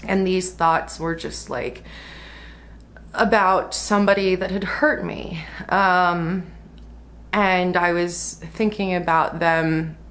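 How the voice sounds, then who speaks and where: A woman in her thirties musing softly about a personal spiritual experience in a reflective vlog, with many fillers. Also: fairly low pitch, steady tone, takes it slowly. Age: 30s. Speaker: spiritual vlogger.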